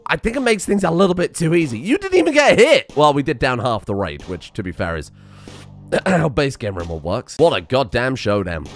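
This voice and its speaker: Excitable gamer man, lively pitch. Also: normal speed. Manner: excitable, laughing often, sarcastic asides. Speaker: gaming channel host. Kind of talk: let's play commentary.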